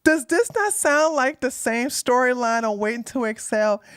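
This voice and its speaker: A woman's voice: fairly high pitch, normal speed, dry recording, clean studio sound. A woman hosting a live commentary stream, talking casually and animatedly to her chat. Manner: animated, talks to chat, sings snatches. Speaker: livestream commentary host.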